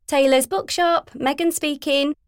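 A woman's voice: sits high, steady tone, dry recording, studio quality, voice pushed up. A woman voicing a flustered, apologetic young female bookshop owner. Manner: apologetic, hurried.

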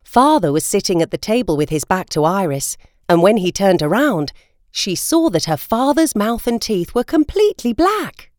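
A woman reading a children's storybook aloud. Her pitch dances lively through each sentence as she tells the tale. The recording is close and dry. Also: normal speed, no room sound. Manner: expressive, lilting storytelling. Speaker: narrator. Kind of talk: storybook read-aloud narration.

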